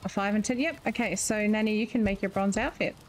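A woman's voice: medium pitch, quick pace, slight background noise, poor audio. Chatty Australian woman gaming. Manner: chatty, laughs often, organizing the group. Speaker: gamer on a multiplayer stream. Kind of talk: casual gaming chat.

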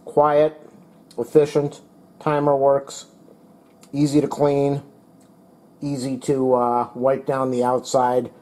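Mellow-voiced man reviewing a toaster oven. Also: mid-range voice, completely flat delivery, slow, long pauses, rough recording. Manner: plain, methodical, talks while demonstrating and eating. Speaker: product reviewer. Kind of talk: casual product review narration. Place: home kitchen, indoors.

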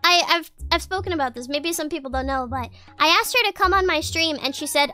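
A woman's voice: sits high, a little fast, pushed and bright, faint music behind. A woman streamer telling rambling family stories in casual chat, giggling often and restarting sentences.

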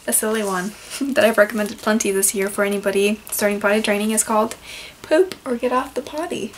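A woman's voice: mid-range voice, vocal fry, a little hiss or hum, poor audio. A young woman, a librarian, casually reviewing picture books and reading bits aloud in a playful storytime voice.

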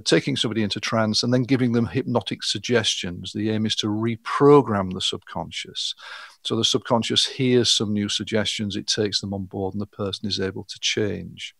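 A man's voice: fairly low pitch, gravelly, fairly bright tone, dry recording, studio quality. A middle-aged man, a hypnotherapist, explaining his work step by step in an interview. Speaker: hypnotherapist guest.

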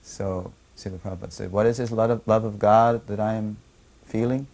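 A man with a lowish voice tells a remembered story at a measured pace. He stops along the way to explain the meaning behind what happened. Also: fairly even intonation, vocal fry, a little mellow. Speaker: devotee recalling memories. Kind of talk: reflective storytelling.

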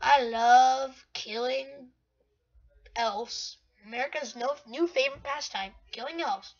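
A woman giving excitable, rambling gameplay commentary, talking to herself as she plays. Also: high voice, normal speed. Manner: excitable, rambling, talks to self. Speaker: gamer. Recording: dull lo-fi recording.

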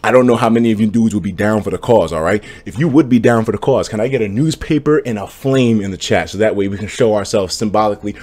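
A man's voice: on the low side, fast, hardly any pauses. A young man streaming live, ranting with lots of swearing and reading out chat messages. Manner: animated, profane, ranting. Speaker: livestreamer. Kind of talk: casual livestream rant and chat reading.

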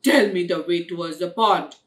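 A woman's voice: on the low side, sing-song, takes it slowly, pushed and bright, voice pushed down, heavily acted. A woman voicing Blackie, a rude, ill-mannered little kitten girl, in a children's story. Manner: rude, demanding.

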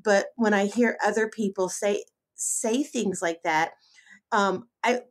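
A woman's voice: medium pitch, takes it slowly. Emphatic middle-aged woman hosting a podcast. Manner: warm-hearted, emphatic, many fillers and restarts. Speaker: podcast host. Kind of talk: casual podcast interview.

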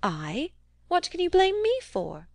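A woman's voice: very high voice, wildly swooping pitch, slow pace, gravelly, darkish tone, dry recording, voice pushed up, heavily acted. A woman reading the part of a prim, mild young woman who complains in a lifted, reproachful tone.

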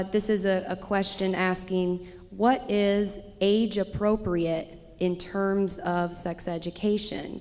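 Female moderator, measured and monotone, long hall echo. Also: lowish voice. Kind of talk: moderating a panel. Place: arts center event space.

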